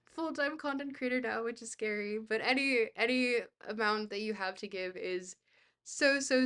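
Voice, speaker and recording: Her voice is fairly high and a bit bright, moving at a moderate pace. Streaming live, she reads a dense book aloud and keeps breaking off to chat, filling pauses with ums and laughing easily at her own expense.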